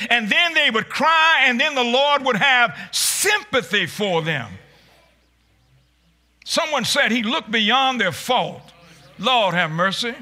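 A man preaching a sermon, calling out to the congregation and rising into shouts, often repeating his words. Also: very high voice. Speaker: pastor.

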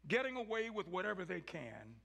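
A man preaching a sermon, swinging between shouted peaks and low, quiet stretches. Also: very animated, fairly quick, vocal fry, husky. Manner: rising to shouts, then dropping low.

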